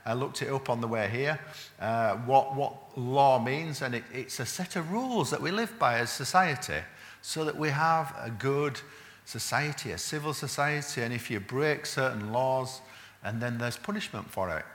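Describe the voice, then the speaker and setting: Male preacher, bright chatty delivery with many "uh"s, recorded in a roomy church. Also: medium pitch, moderate pace. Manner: chatty, frequent "uh" fillers and restarts. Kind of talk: sermon.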